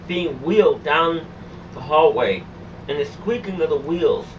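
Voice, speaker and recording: A woman telling a harrowing personal story in the first person, in a halting way that keeps repeating and restarting phrases. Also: low voice, fairly bright tone. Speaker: storyteller recounting a personal ordeal. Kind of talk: emotional first-person testimony. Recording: dull distant recording with faint hum.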